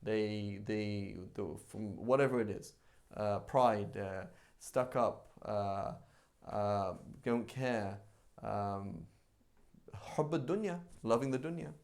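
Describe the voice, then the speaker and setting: A man teaching a live religious class in a conversational, animated way, acting out everyday examples. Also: lowish voice, takes it slowly. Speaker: Islamic teacher.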